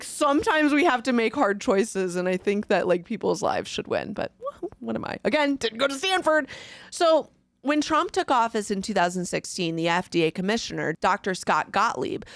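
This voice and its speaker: A woman's voice: medium pitch, no room sound. Chatty laughing woman podcast host. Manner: chatty, laughs often, sarcastic asides. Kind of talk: casual chat.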